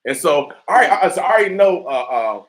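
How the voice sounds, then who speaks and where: This Omaha-accented man runs a community radio morning show, talking in an emphatic, fired-up style with many stammers and fillers. His voice sits on the high side, swings widely in pitch, and moves fairly quickly over poor-quality audio.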